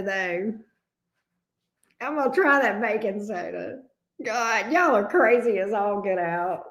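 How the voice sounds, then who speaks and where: A woman's voice: mid-range voice, animated, unhurried. A woman hosting a casual livestream chat, answering viewers by name. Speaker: tarot reader hosting a livestream.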